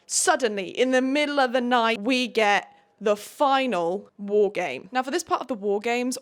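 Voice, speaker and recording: A woman giving a casual, sarcastic book recap, with chatty, dramatic asides. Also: fairly high pitch. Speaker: book reviewer.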